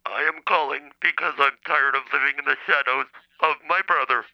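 A robotic speech-synthesizer voice playing an indignant male caller, flat and clipped. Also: fairly high pitch, fairly quick, vocal fry, dull audio. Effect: computer speech synthesizer.

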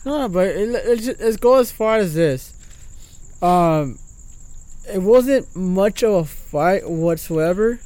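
A drunk man stammers over his words, restarting and repeating himself as he swears through casual chat. His voice is fairly high and sounds close and dry. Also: animated, slow pace, darkish tone, no room sound.

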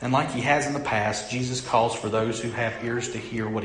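A middle-aged male pastor preaching a sermon, who keeps asking the congregation questions and moves between loud emphasis and hushed lines. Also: mid-range voice, fairly even intonation, normal speed, a little hiss or hum. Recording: echoey room.

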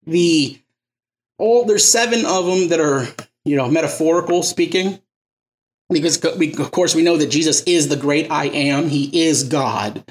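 A man preaching an informal sermon as a pastor, talking loosely and conversationally and working jokes into his teaching. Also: fairly high pitch.

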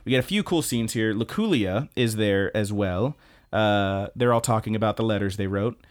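A man with a fairly low voice hosts a podcast, walking through story scenes in a relaxed, conversational recap. Now and then he bursts into excited, joking asides. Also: moderate pace. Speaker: podcast host. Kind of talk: casual episode recap.

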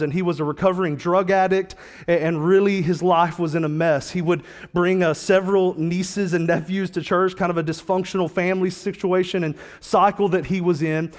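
Conversational male preacher, high voice. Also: in a large hall. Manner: conversational storytelling, casual slang. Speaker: pastor. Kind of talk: sermon.

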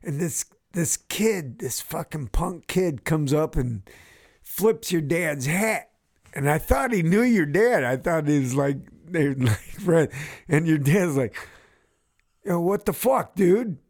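A man's voice: a little high, expressive, unhurried, a little mellow. A man hosting a radio show, chatting casually and swearing as he tells stories. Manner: profane, laughing storyteller. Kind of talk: casual chat.

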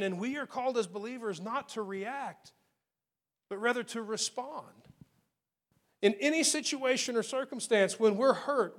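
A middle-aged pastor preaching a sermon in an earnest way, repeating key phrases and slowing down to stress words from scripture. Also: male voice, very high-pitched.

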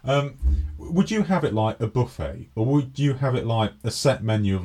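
A man's voice: mid-range voice, lively intonation, moderate pace, a little mellow. Man co-hosting a chatty podcast. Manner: reads news aloud, then jokes and acts out skits. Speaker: podcast co-host. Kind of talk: casual chat.

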